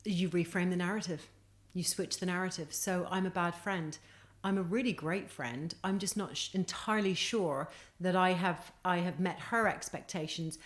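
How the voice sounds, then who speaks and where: A middle-aged woman with a slightly low voice talks as a podcast guest. She sounds earnest and emphatic, and she keeps pressing her motivational points. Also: normal speed. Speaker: guest author. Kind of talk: podcast conversation.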